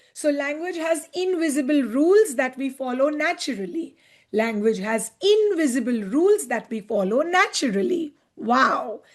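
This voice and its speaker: Woman lecturer, unhurried, repeats terms, high voice, "right?" check-ins. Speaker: teacher. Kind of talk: classroom-style lecture.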